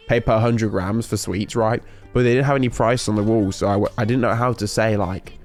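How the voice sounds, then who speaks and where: A young British man with a fairly low voice tells a story in casual stream chat, rambling, cutting himself off and laughing often.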